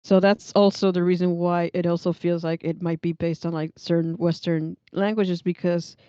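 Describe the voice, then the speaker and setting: A young woman streamer chatting at her desk, rambling and laughing as she reads chat. Her voice is smooth and mellow, close and dry, with slightly dull, muffled stream audio. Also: on the low side, level tone, normal speed, no echo. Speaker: livestream host reading chat.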